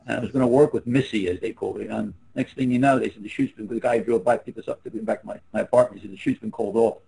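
A man's voice: on the low side, steady tone, racing, creaky, warm tone, slightly rough, low-quality recording. A man in his seventies, a guest on a video call, telling rambling anecdotes that trail off. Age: 70s. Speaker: interview guest. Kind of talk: casual storytelling on a video call.

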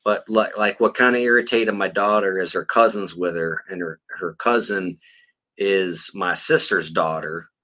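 A man's voice: low-pitched, steady tone, a little slow, sharp tone. A middle-aged man co-hosting a podcast, ranting in a blunt, heated and profane way. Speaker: podcast co-host. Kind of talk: casual profane rant.

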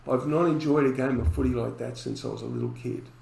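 A man's voice: medium pitch, steady tone, fast, creaky, darkish tone, roomy sound, low-quality recording. A man, a podcast guest telling a story and acting out the dialogue in it.

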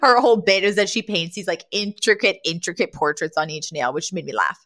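A woman's voice: fairly low pitch, fairly quick, fairly bright tone. A woman co-hosting a casual recap podcast, retelling scenes with animation and laughter. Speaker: podcast co-host.

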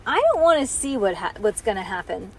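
A woman's voice: mid-range voice, lively intonation, a little fast, a little hiss or hum, lightly acted. A woman voicing a stern, dry mother as she reads a storybook aloud to her child.

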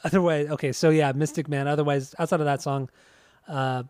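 A man's voice: on the high side, steady tone, fairly quick, a little mellow, clear, resonant tone, dry recording. A man co-hosting a podcast in casual chat, easygoing and enthusiastic about the music he likes. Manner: easygoing, enthusiastic, laughs often. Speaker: podcast co-host.

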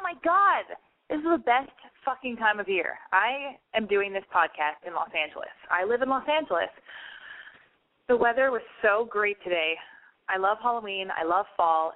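Excitable lisping woman on a tinny line. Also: mid-range voice. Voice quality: lisp. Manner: excitable, profane, self-mocking. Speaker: radio show host. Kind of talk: casual call-in radio chat. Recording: tinny phone-line sound.

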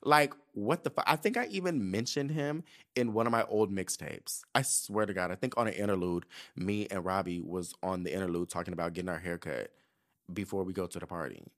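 Animated, profane man in his thirties. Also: low voice, a little fast. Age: 30s. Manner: animated, profane, acts out quoted voices. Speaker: podcast host. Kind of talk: casual chat.

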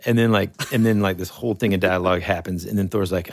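A man's voice: sits low, fairly even intonation, fast, dry recording, studio quality. A middle-aged man co-hosting a podcast, chatting casually and enthusiastically about movies, often saying "man" and "dude". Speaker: podcast co-host. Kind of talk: casual chat.

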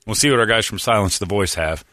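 Male radio host, rambling jokey banter, bright tone, dry studio mic. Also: lowish voice, fast, no echo. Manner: joking, rambling. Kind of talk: casual chat.

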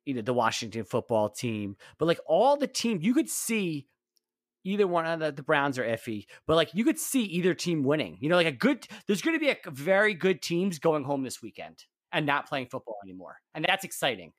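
A man's voice: a little high, a little fast, no echo. Male co-host, dry close sound, casual and meandering. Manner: rambling, restarts often, relaxed. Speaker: podcast co-host. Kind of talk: casual sports podcast chat.

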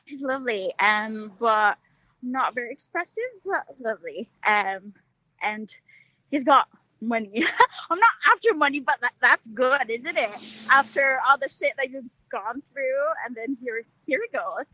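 A woman's voice: on the high side, unhurried, sharp tone, dry recording, rough recording. A woman with a Northern English accent calling in, out of breath from walking, talking frankly with lots of fillers. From Northern England. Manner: frank, laughing, many fillers. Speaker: caller. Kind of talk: casual phone call.

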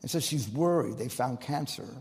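A man preaching as pastor of a church, telling a story with emphasis and swinging between loud and quiet delivery. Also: medium pitch, animated, moderate pace. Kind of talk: sermon. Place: church sanctuary. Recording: long reverb of a large church hall.

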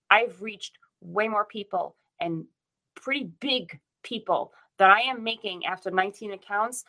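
A woman's voice: medium pitch, bright, forceful tone, low-quality recording. A woman from the United States giving a fierce, repetitive rant with frequent swearing in a casual chat.

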